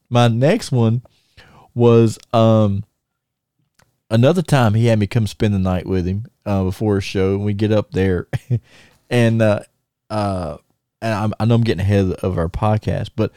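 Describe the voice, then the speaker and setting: A podcast host spins a casual story with a warm, mellow voice, breaking into laughter as he acts out lines. The recording is dry and close, with no room sound. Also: on the low side, smooth, no room sound. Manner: animated anecdote-telling, often laughing and acting out quotes.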